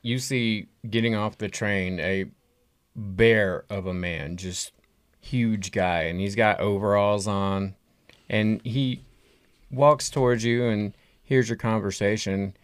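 Slow low-voiced game master. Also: male voice, fairly even intonation, smooth, no room sound. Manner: measured, descriptive. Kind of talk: narrating a tabletop game.

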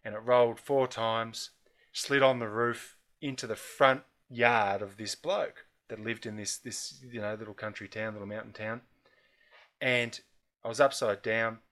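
A middle-aged Australian man telling a long personal anecdote in casual conversation, animated and laughing as he talks. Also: on the low side, unhurried. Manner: animated storyteller, laughs through his anecdotes. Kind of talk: casual storytelling chat.

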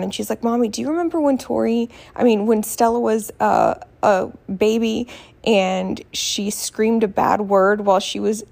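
Recording at home instead of in her regular podcast room, a female podcast host tells stories in a chatty, self-deprecating casual chat. Her voice sits a little high, creaky and a little mellow.

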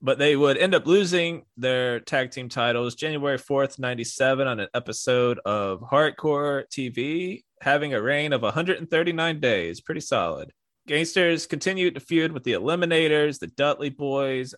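A podcast host reads a recap aloud, dropping wry asides. His voice sits at an average pitch in a dry, close recording. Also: a bit bright, no room sound. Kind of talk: reading a wrestling history recap.

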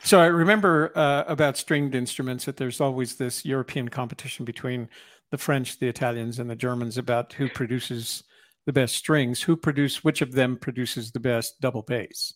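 A man with a mid-range voice hosts a relaxed interview chat. He asks curious, rambling questions and keeps the guest going with short murmurs of agreement. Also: medium pitch, normal speed. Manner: curious questioner, frequent backchannel. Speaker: podcast host.

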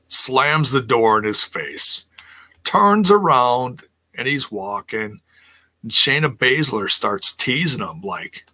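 A man's voice: medium pitch, sing-song, slow, pushed and bright. A man casually recapping a wrestling show on a live stream, chatting with viewers and sounding exasperated. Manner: chatty, exasperated, reads chat aloud.

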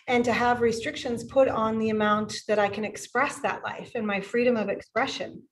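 On a roughly recorded podcast interview, a woman in her fifties who owns and teaches at a yoga studio tells personal stories with effusive, emotional energy and frequent laughter, her voice on the high side.

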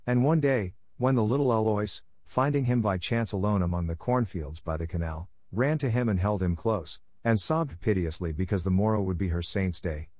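A man narrating a classic novel in a measured, gentle reading. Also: lowish voice, no echo, studio quality. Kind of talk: scripted storybook narration.

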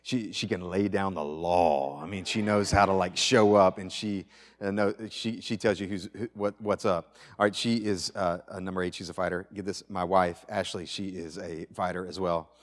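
A male pastor preaching a sermon to a congregation, animated, moving between loud emphasis and quiet asides and often restarting his phrases. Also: sits low, normal speed. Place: church sanctuary with audience. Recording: reverberant church hall.

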